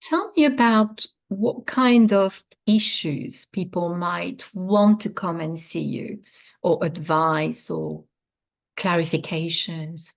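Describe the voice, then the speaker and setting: A woman interviewing a guest over a video call, asking questions slowly and gently. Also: on the low side, creaky. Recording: dull lo-fi video call audio.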